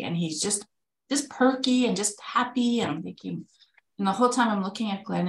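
A woman's voice: lowish voice, reverberant, rough recording. A woman telling a candid personal story in a conversational way, acting out the dialogue she quotes. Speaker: spouse of a kidney patient, webinar speaker.

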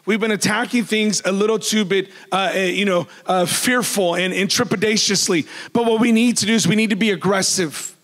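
A man preaches in a loud, animated voice that sits high for a man. He jokes freely with his congregation. The voice rings with the long reverb of a church hall. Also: brisk, few pauses. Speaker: pastor. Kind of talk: sermon.

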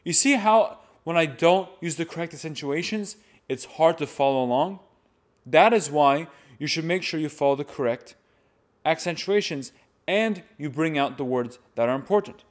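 Man teaching chant, higher voice. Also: normal speed. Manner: demonstrates by reading and chanting examples. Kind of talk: instructional talk.

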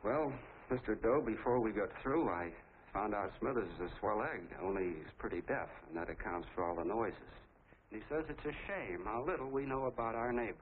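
An actor playing an eager, talkative small-town soda jerk with an American accent, telling a long rambling story in a folksy way. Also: male voice, on the low side, a little fast, close to an everyday voice. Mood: chatty. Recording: tinny lo-fi 1940s film soundtrack with faint hiss.

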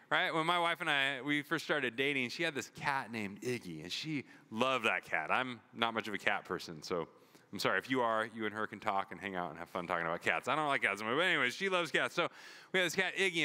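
A man's voice: medium pitch, sharp tone. A man preaching a sermon as pastor, telling stories with acted-out dialogue and asking the congregation "right?". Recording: long hall reverb.

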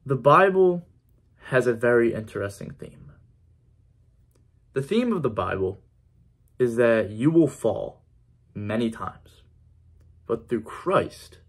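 A man giving an earnest personal faith testimony in a conversational vlog style, repeating key phrases for emphasis. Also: medium pitch. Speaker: faith vlogger.

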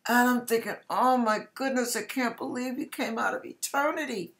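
A woman's voice: a little high, expressive, normal speed, few pauses. A woman hosting her own channel, telling a heartfelt personal testimony and sometimes close to tears. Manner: emotional, heartfelt storytelling with quoted exclamations. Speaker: host.

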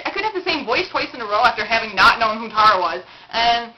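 A woman's voice: on the high side, very fast, hardly any pauses, over a noisy crowd. A young woman telling a rambling story in casual chat, with lots of fillers and giggles. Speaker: vlog co-host. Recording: noisy home video recording.

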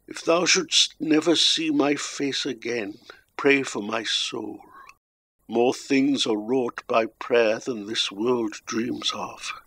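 A man's voice: mid-range voice, creaky, fairly bright tone, slightly rough, full character voice. A man voicing a dying old king bidding farewell, in a grave and sorrowful way.

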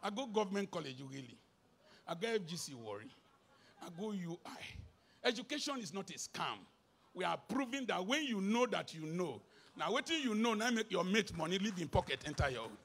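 High, gravelly Nigerian preacher. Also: male voice, very animated, fairly quick. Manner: emphatic, swinging from shouted bursts to low asides, mixing in Pidgin. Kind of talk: sermon.

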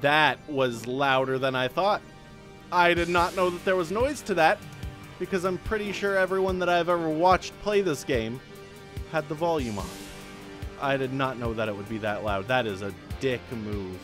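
A man's voice: fairly high pitch, normal speed. A man in let's play commentary, reacting to a hard climbing game with anxious exclamations, pleading and cursing at the game. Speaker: gaming video creator. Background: game music.

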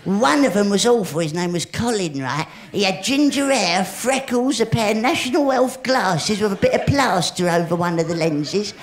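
A woman's voice: medium pitch, expressive, normal speed, few pauses. A woman performing a live stand-up comedy routine, cheeky and rambling, talking straight to the audience. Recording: echoey live room with crowd laughter and noise. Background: audience laughter.

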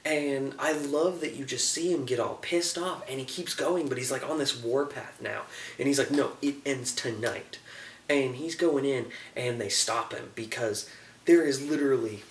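Young male reviewer, excitable, recorded a bit off-mic with faint hiss. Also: medium pitch, reverberant, distant mic. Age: young adult. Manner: enthusiastic, acts out scenes in quick put-on voices. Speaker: show reviewer. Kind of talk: casual review monologue.

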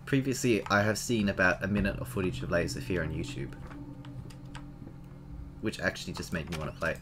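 A man giving casual, animated commentary while playing a horror game, exclaiming and chatting to his viewers. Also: sits low, a little fast, long pauses. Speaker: let's play gamer.

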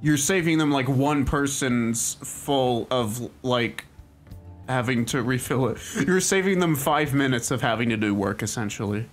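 A man's voice: medium pitch, a little slow. Chatty man streaming a game. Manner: rambling and chatty, lots of "like", laughs often. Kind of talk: casual gaming commentary. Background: game music.

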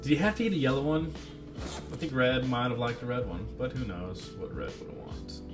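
A man's voice: medium pitch, expressive, brisk, over loud music. A man giving casual gameplay commentary, playful and jokey, often talking to himself. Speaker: let's play commentator.

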